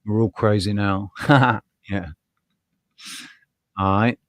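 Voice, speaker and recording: A man's voice: lowish voice, steady tone, slow, dry recording. A man hosting a livestream, talking casually in a rambling, passionate way, his voice rising when he gets heated. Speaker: live show host.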